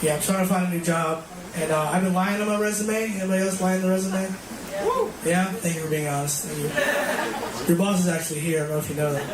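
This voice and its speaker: A man's voice: sits high, fast talker. A man performing a live stand-up set with crowd work, talking in rambling, self-deprecating asides from a comedy club stage. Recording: echoey club audio from far off. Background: loud room ambience and audience.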